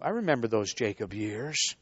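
Here a man with a fairly low, slightly rough voice preaches at a moderate pace, spinning a lively story and calling out to his congregation in church. No room sound is audible, and the audio is dull and lo-fi.

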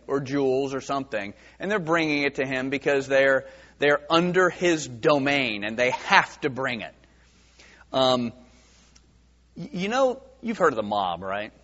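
A man's voice: medium pitch, a bit bright. Guy doing a casual bible study, lots of ums, dull recording with long hall echo. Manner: conversational, many fillers, acts out quoted voices. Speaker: Bible teacher. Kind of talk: verse-by-verse Bible teaching. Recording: dull sound with long reverb in a large hall.

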